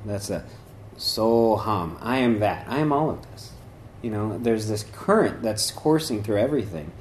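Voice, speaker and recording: His voice sits on the low side and sounds a little mellow, with a slight hiss or hum in the recording. Giving a casual dharma talk, he rambles through fillers and restarts, acting out voices as he tells stories.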